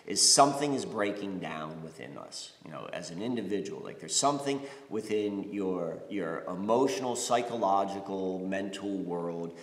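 A man's voice: deep voice, animated, moderate pace, few pauses. Rambling man in an echoey room. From United States. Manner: rambling, many fillers and restarts. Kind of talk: reflective spiritual monologue. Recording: echoey room with long reverb.

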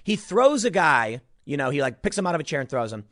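A man giving opinionated news commentary, animated and sarcastic, sometimes mocking others in put-on voices. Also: a little high, fast, no echo, studio quality. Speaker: political commentator.

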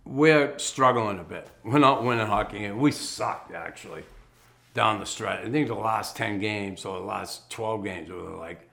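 A man's voice: lowish voice, moderate pace, vocal fry, bright, forceful tone. A man, a former pro hockey player, telling his life story in a casual, blunt way, swearing freely and chuckling as he goes. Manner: blunt, profane, chuckles while telling stories.

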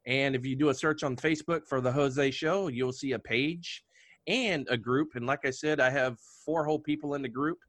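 Chatty podcast host, bright voice. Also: male voice, mid-range voice, moderate pace, no room sound. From Delaware. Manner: chatty, laughs often. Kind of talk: casual podcast chat.

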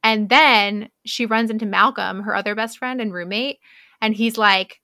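Bright-voiced woman recapping a book. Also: mid-range voice, fairly even intonation, dry recording, studio quality. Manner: laughing, acts out characters' lines in quick voices. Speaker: podcast co-host. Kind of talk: casual book recap chat.

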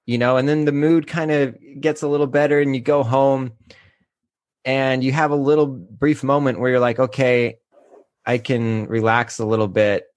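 A man in his thirties talking candidly and emotionally on a podcast, halting at times as he opens up. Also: mid-range voice, dry recording, clean studio sound. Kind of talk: casual podcast chat.

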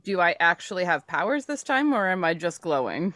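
Brief: female player, lowish voice, dry close sound, stammers and hesitates. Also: sing-song, fairly quick, fairly bright tone, no echo. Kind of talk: casual tabletop play.

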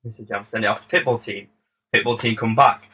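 A man, a music producer, telling a casual story on a podcast as a lively, swearing narrator who acts out the dialogue. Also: on the low side, quick pace, breathy edge, poor audio. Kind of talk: casual anecdote.

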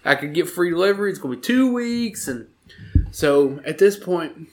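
A man, co-hosting a podcast and telling a story in an animated, laughing way. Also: fairly high pitch, normal speed. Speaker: podcast co-host. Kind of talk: casual storytelling chat.

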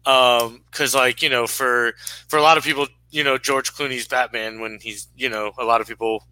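A man's voice: mid-range voice, steady tone, normal speed, pushed and bright, smooth, no room sound, poor audio. A man in his thirties, co-hosting a casual sports podcast, who rambles with lots of fillers and restarts. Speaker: podcast co-host.

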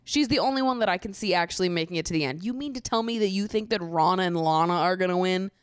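Female podcast host, casual recap rant, low smooth voice on a dry close mic, exasperated and profane. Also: fast talker, no room sound. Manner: animated, swears freely, exasperated ranting.

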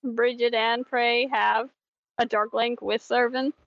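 A woman playing a tabletop role-playing game, giggly, swearing and thinking out loud. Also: a little high, flat delivery, slow, creaky, no room sound, dull audio. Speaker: player. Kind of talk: casual tabletop game play.

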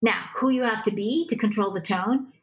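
Animated woman giving relationship advice. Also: medium pitch, moderate pace, poor audio. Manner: animated, acts out example dialogue. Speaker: relationship coach, guest. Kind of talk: conversational advice in a podcast interview.

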